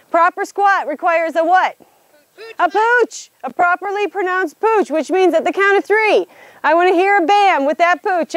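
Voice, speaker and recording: A very high-voiced woman runs a boot camp class outdoors. She calls out commands and counts reps with bright energy. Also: no room sound. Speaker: fitness instructor. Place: outdoors on a hilltop.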